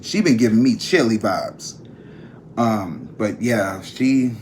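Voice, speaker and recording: A man's voice: lowish voice, a little mellow, slight background noise. Male vlogger, talky and emphatic, easygoing chat straight to camera. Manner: chatty, emphatic, addresses viewers as a group. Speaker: tarot reader and vlog host.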